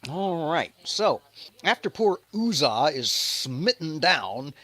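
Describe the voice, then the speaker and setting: A man's voice: a little high, lively intonation, measured pace, a bit bright. A man hosting a casual livestream commentary, sardonic and profane, mocking as he talks. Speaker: host.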